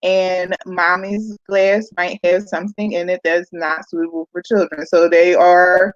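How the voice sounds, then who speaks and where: A woman's voice: fairly low pitch, level tone, measured pace, no echo. A woman speaks candidly about her own parenting in casual panel talk, leaning on "like". The sound is dry and a little dull, as over a video call. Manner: candid, frequent "like".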